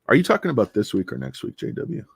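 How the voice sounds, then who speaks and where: A man's voice: medium pitch, big pitch swings, quick pace, creaky, slightly rough, no room sound. A middle-aged man hosting a casual livestream, tired and over-caffeinated, rambling and joking with the chat. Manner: rambling, joking, greets chatters. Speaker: livestream host.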